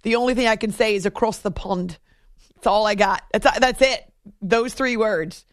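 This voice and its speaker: A woman's voice: on the high side, normal speed, dry recording. A woman from New Hampshire hosting a sports radio show, chatting casually, laughing often and reading out listener messages. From New Hampshire, USA. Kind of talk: casual late-night radio chat. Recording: dry studio mic.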